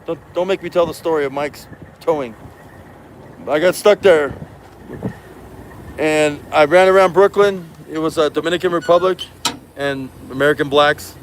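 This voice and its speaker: A man's voice: on the high side, moderate pace, pauses often, a little hiss or hum, poor audio. A man chatting on a livestream as a truck driver, rambling and slangy, dropping in Spanish words. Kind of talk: casual livestream chat.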